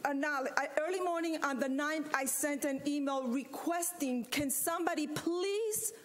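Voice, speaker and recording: A woman serving as vice mayor, giving a firm, emphatic statement at a city commission meeting and repeating her points with pauses. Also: high voice, slight background noise. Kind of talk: formal statement at a public meeting.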